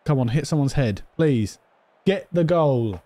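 A man talks through his football management game in a warm, mellow voice, thinking aloud and chatting to himself as he plays. His voice jumps up sharply when the match frustrates him. The sound is close and dry, with no room around it. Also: medium pitch, expressive, measured pace, dry recording. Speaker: gaming video host. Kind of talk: let's-play commentary over a football management game.

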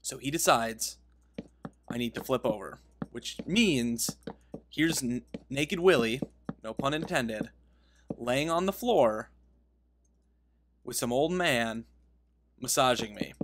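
A man's voice: medium pitch, expressive, slow pace, long pauses, fairly bright tone, a little hiss or hum. A man giving casual gaming commentary, rambling through a story and interrupting himself, laughing at his own telling. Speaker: game video creator.

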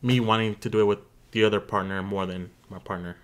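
A man's voice: fairly low pitch, fairly even intonation, fast talker. A young man guest on a podcast, speaking hesitantly with many fillers in casual chat.

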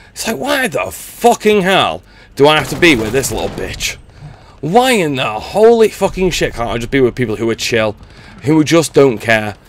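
A man's voice: medium pitch, fairly bright tone. A middle-aged man gives a blunt, sweary rant as gameplay commentary. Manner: sweary, blunt, exasperated ranting. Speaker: gaming channel host.

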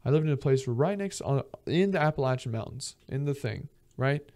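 A young man from Georgia hosts a casual podcast and rambles through travel stories. He swears freely and acts out the people he quotes. His voice sits at a middling pitch with a mellow, relaxed tone. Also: brisk. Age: young adult. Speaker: podcast host. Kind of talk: casual storytelling monologue.

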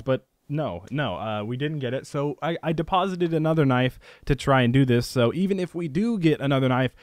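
A young man doing excitable, profane gameplay commentary as a gaming channel host, yelling when a bet goes wrong. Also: medium pitch, brisk, hardly any pauses, dry recording, studio quality. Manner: excitable, swears a lot, yells at losses. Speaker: gaming YouTuber.

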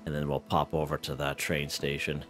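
A man with an extremely deep, low voice talks through his gameplay in a loose, rambling way, chuckling between thoughts. Faint music plays underneath him. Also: moderate pace. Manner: relaxed, chuckling, lots of fillers and restarts. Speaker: gaming channel host. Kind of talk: casual gameplay commentary.

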